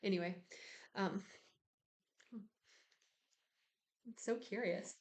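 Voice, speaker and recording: Woman rambling about spiritual stuff, lots of likes and ums, wanders off topic a lot, average pitch. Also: extremely slow, a little mellow. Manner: meandering, with many fillers and digressions. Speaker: spiritual practitioner. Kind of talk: casual spiritual musing to camera.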